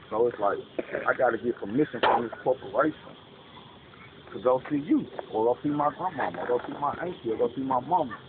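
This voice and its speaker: A man talking casually and preachily in street slang, often asking "you know what I'm saying". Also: mid-range voice. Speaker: speaker explaining a belief. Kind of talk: casual monologue. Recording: tinny lo-fi with loud background noise.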